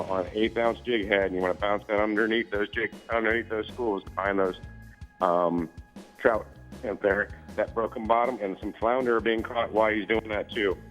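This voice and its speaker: Low-voiced man giving a fishing report. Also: low-quality recording. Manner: steady, informative listing.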